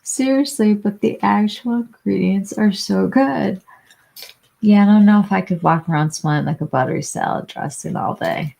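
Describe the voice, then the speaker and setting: A woman's voice: medium pitch, moderate pace, gravelly, dark tone. A woman hosting a casual beauty livestream, chatting with viewers, answering them by name with lots of fillers and restarts. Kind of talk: casual live chat reading viewer comments.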